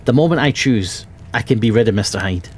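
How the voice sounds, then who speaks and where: A man reading a kindly, troubled male doctor in his own Edinburgh accent, speaking in a warm, pleading way. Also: medium pitch, lively intonation, fairly quick, slightly rough. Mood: earnest. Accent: Scottish, Edinburgh.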